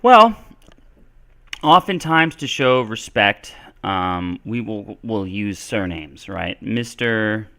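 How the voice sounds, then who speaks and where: A man's voice: on the low side, animated, slow pace, pushed and bright. A man answering English questions on a live stream, casual and thinking aloud with lots of fillers. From Texas. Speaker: English teacher.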